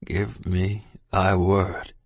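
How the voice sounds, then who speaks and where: A man voicing a dying old man, hoarse whisper. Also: sits low, level tone, dry recording, full character voice. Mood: weak, urgent. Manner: slow, insistent, old-fashioned thee and thou speech. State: gasping, near death. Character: dying older Quaker man, weak, urgent. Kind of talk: audiobook character voice.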